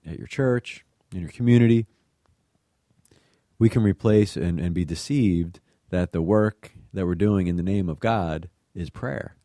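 A man's voice: sits low, mellow, dry recording, clean studio sound. A man co-hosting a scripture reflection, speaking earnestly and often restarting his phrases. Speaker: co-host of a scripture reflection show. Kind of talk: conversational faith reflection.

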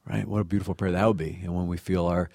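A man talks casually about a scripture passage, often restarting and repeating phrases. His voice is very low and mellow, and the recording is close and dry. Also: flat delivery, fast talker, creaky, no room sound. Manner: warm, rambling, many restarts. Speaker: reflection participant. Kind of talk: casual faith reflection.

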